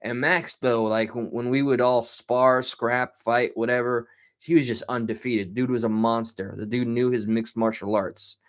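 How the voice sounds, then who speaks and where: A man's voice: mid-range voice, level tone, moderate pace. A man in his thirties, sleep-deprived, telling rambling casual stories with many restarts. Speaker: vlogger. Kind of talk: casual storytelling monologue.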